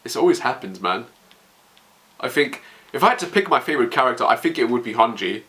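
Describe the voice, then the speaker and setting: A man's voice: medium pitch, big pitch swings, brisk, sharp tone. A man emotionally reacting as he reads a manga chapter aloud, stammering and narrating what happens.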